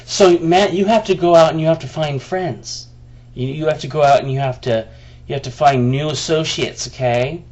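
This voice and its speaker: A man's voice: fairly high pitch, moderate pace, a little mellow, lo-fi sound. Man ranting heatedly, swearing a lot. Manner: heated, profane ranting with frequent restarts. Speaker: vlogger. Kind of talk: venting monologue to camera.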